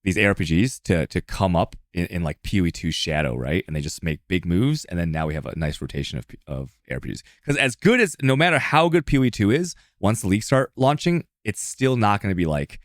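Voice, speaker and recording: A deep-voiced American man hosts a casual stream chat. He talks in a lively, joking way and leans on fillers and restarts, with his pitch swinging widely. The sound is close and dry. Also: fast, hardly any pauses, no echo. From United States. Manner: animated, filler-heavy, joking. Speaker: streamer host.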